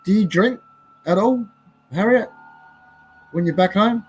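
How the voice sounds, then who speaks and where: A man's voice: sits high, measured pace, a little mellow, slight background noise. A man chatting casually, answering with blunt, crude banter. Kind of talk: casual chat.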